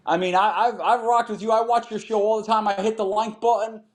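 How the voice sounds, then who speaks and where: A man's voice: sits high, flat delivery, fairly quick. A man calling into a talk show, defensive and exasperated, swearing as he pushes back. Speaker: caller. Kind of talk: heated call-in argument.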